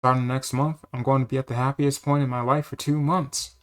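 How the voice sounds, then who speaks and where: A man's voice: mid-range voice, level tone, brisk, close to an everyday voice. A man voicing a lazy carefree cowboy. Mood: easygoing. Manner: laid-back, easygoing. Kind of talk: fan dub of a game.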